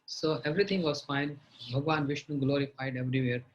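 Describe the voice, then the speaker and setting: A man who is a religious teacher, telling a sermon story and often clearing his throat. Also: medium pitch, fairly even intonation, a little fast. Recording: dull lo-fi audio.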